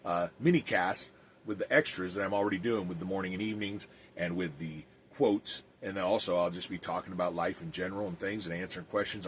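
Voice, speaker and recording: A man's voice: fairly low pitch, slight background noise. A man who is an evangelist and podcast host, talking earnestly and plainly with some restarts and reading aloud.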